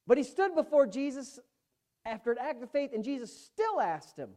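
A woman preaching a sermon, emphatic, swinging from hushed asides to loud, fervent exclamations. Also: high voice, sing-song, normal speed.

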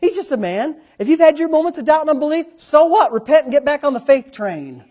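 Animated storytelling pastor, muffled sound. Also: male voice, very high-pitched, fast talker. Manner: storytelling, animated swings from quiet asides to loud, laughing bursts. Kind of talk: sermon. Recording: dull lo-fi sound.

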